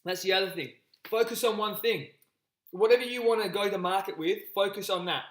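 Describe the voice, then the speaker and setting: A man coaching a group on a live call, energetic and repetitive, often calling his listeners guys. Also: high-pitched, fairly quick, echoey room, rough recording. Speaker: business coach.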